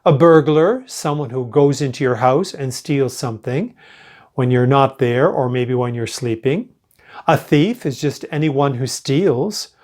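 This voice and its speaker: An older man gives an English lesson, reading example sentences slowly and clearly so students can repeat them. His enunciation is careful and his pitch lively in this slow pronunciation lesson.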